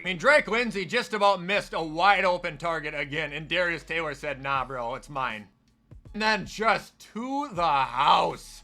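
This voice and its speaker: A man doing excitable mock sportscaster play-by-play over a football video game, bursting into shouts on big plays. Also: high voice. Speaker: gaming content creator.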